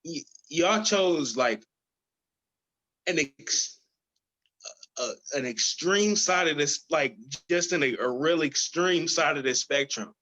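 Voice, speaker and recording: A man co-hosting a casual podcast and weighing in on movies. He speaks slowly and deliberately in a bright, somewhat high-pitched voice. He leans on repetition to press his point. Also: lively intonation, rough recording. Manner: deliberate, emphatic, repeats points for stress. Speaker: podcast co-host. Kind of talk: casual chat about movies.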